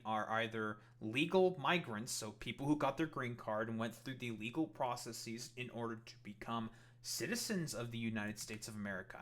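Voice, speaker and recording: A man's voice: mid-range voice, fairly bright tone. A man ranting in a reaction commentary, profane and rambling with many fillers.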